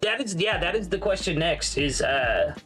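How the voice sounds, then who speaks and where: Animated man hosting a livestream. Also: sits high, normal speed, rough recording. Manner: animated, laughs often, addresses chat. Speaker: stream host. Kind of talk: casual livestream chat. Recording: music playing behind.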